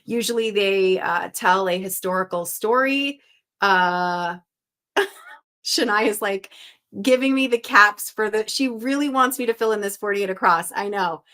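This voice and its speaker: Woman, young adult, from Western Canada, live-stream host, casual chat, upbeat, tense bright tone. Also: mid-range voice, measured pace. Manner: upbeat, chatty, reads out viewers' guesses.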